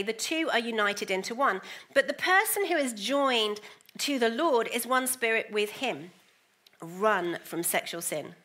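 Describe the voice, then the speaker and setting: A woman preaching a sermon, moving between hushed, slow asides and lively, emphatic bursts. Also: fairly high pitch.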